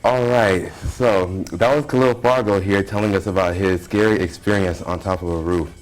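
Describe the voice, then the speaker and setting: A man hosting an interview, giving a measured, dramatic intro and asking simple questions. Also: sits low, steady tone. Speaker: host.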